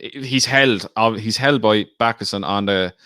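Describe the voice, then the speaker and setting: A man's voice: lowish voice, a little slow, pushed and bright, no room sound, studio quality. A man co-hosting a podcast, chatting casually about betting and teasing his co-host. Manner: teasing, banters.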